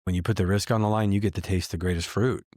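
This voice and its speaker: A middle-aged man hosting a candid conversation, animated and acting out the lines he quotes. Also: low voice, fast talker, no room sound, studio quality. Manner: animated, acts out quoted dialogue. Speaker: host and business coach.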